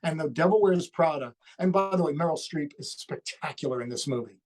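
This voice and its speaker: A man's voice: a little high, expressive, brisk, darkish tone, poor audio. A man co-hosting a casual chat, making his points through a string of rhetorical questions. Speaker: co-host.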